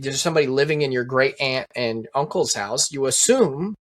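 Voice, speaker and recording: A man's voice: mid-range voice, lively intonation, normal speed. An American man co-hosting a podcast, recalling childhood memories in a hesitant, rambling way with some swearing. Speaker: podcast co-host. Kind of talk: casual chat.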